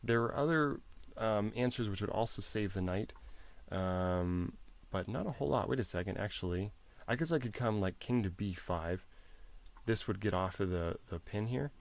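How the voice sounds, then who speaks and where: A man's voice: on the low side, expressive, moderate pace, creaky. A man casually walking through a chess game as an instructor, chatty and self-interrupting, posing puzzles to the viewer. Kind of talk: casual chess lesson walkthrough.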